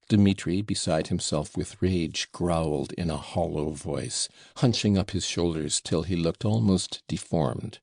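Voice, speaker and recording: A man narrating a classic novel in a measured, deliberate reading. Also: sits low, gravelly, a little mellow, dry recording, studio quality. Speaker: audiobook narrator.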